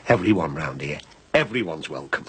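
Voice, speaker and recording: A man playing a worried working-class father running a shop, talking warmly and gratefully to his mates in a TV soap drama. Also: rumbling low, lively intonation, normal speed, heavy background noise. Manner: warm, chatty and grateful. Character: grateful working-class dad of a sick son.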